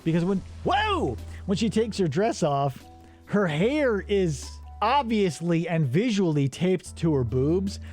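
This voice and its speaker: Guy on a work-shift show recapping a weird movie, high lively voice, faint music behind. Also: slow pace. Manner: animated storyteller, acts out the characters' lines. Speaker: podcast co-host. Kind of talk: casual movie recap while working.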